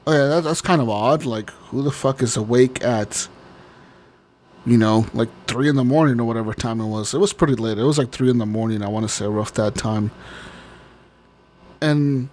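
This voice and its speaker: A man's voice: mid-range voice, moderate pace, a little mellow. A man co-hosting a podcast, telling a long story in casual chat, rambling, swearing often and laughing. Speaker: podcast co-host.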